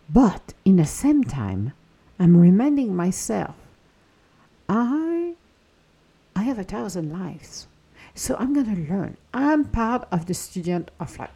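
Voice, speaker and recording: Gravelly, husky-voiced woman hosting a spiritual podcast. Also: lowish voice, dark tone. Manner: earnest, encouraging, slips into acted inner-voice quotes. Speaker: podcast host. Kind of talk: reflective spiritual podcast talk.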